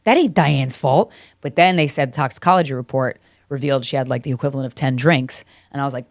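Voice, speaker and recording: Low-pitched and animated, a podcast host in her thirties speaks a little fast, telling stories casually in a comedic monologue, swearing freely and laughing a lot. The sound is clean studio quality with no room sound.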